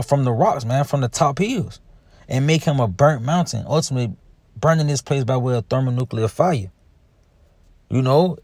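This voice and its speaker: A man's voice: on the high side, darkish tone, no room sound. A man giving an informal scripture teaching, reading verses and explaining them in a conversational way, often asking "you see?" and adding "man". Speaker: religious teacher.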